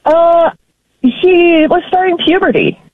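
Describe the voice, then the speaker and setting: A woman calling in to a radio talk show, telling her story in an emphatic, animated way and laughing often. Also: very high voice, slow, no echo. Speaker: caller. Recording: tinny phone line.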